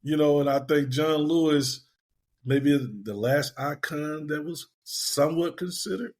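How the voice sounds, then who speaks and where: A man's voice: a little high, a little slow. An older man speaking as a guest on a podcast panel, reflective and plain-spoken, calling himself a pessimist. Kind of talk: panel discussion.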